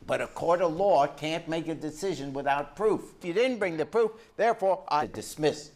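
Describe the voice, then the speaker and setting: A man's voice: on the high side, darkish tone. An older man presiding as a television judge, blunt and wry, handing down rulings in a courtroom. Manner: blunt, joking, brisk rulings. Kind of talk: courtroom TV show. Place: TV courtroom set.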